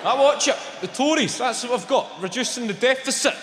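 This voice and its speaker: A man with a Glaswegian accent doing stand-up, swearing and bantering with the crowd in animated bursts. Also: very high-pitched, a little fast. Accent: Scottish, Glaswegian. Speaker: stand-up comedian. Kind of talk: stand-up routine. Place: large indoor comedy venue. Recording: echoey live venue, loud audience noise. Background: audience laughter.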